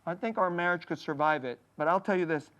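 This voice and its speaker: A male pastor preaching a conversational sermon in a candid, personal way, often breaking off to restart a thought and checking in with a quick "okay?". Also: a little high, fairly bright tone. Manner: halting, restarting phrases mid-thought.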